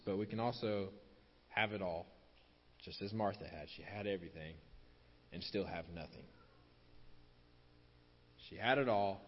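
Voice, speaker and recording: A man preaching a sermon, repeating key phrases for emphasis and dropping softer at the end of his points. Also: on the low side. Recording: dull lo-fi sound with long hall reverb.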